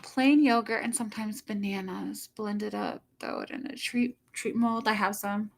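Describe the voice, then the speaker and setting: A woman's voice: mid-range voice, fairly even intonation, normal speed. A middle-aged woman chatting casually with viewers on a livestream from home, rambling and laughing often.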